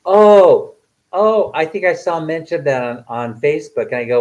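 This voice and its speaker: A man's voice: on the high side, expressive, moderate pace, a little mellow, dull audio. A retired man in his sixties, chatting casually on a live stream, reading comments aloud and laughing often between fillers. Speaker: vlogger reading live chat.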